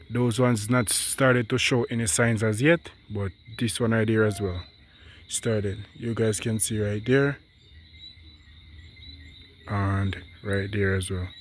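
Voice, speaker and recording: A man's voice: on the low side, slight background noise. Stuffy-sounding man vlogging his farm. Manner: talks to viewers as he walks and points things out. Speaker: farming vlogger. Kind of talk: casual farm vlog narration. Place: outdoors on a hillside farm.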